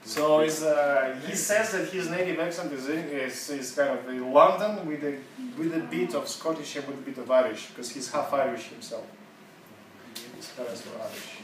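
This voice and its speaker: A man's voice: fairly high pitch, moderate pace, a crowd in the background. A male English teacher leading a classroom seminar, conversational and quizzing his students. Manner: conversational, asks the class, laughs often. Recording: echoey classroom from far off, noisy.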